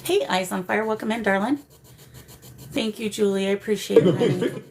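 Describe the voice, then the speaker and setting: A woman hosting a live paranormal spirit session, coaxing the spirits and greeting her viewers in a warm, emotional way. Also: medium pitch, normal speed, noisy background. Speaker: paranormal livestream host.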